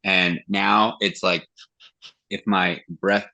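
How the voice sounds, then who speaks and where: A man's voice: low-pitched, level tone, takes it slowly, vocal fry, sharp tone, low-quality recording. A man who sings in a metal band, talking casually as a podcast guest, swearing freely and acting out quoted conversations. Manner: loose and profane, acts out quoted dialogue. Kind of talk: casual interview chat.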